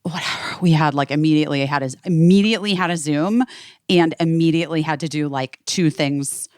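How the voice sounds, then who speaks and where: A woman's voice: deep voice, brisk, dry recording, studio quality. A woman hosting a podcast, telling a story in casual chat with lots of fillers. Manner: animated storytelling with many "like" fillers. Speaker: podcast host.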